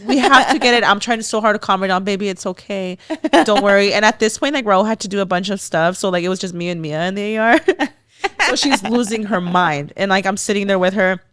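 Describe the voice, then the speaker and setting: Young female podcast co-host, animated storyteller, dry studio mic. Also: medium pitch, fast talker, no room sound. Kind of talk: casual chat.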